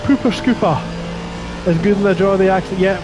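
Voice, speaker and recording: A man's voice: sits high, little pitch movement, quick pace, noisy background. A man doing live sim racing commentary, chatty and reading viewer chat between calls of the action. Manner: chatty, reads stream chat aloud between race calls.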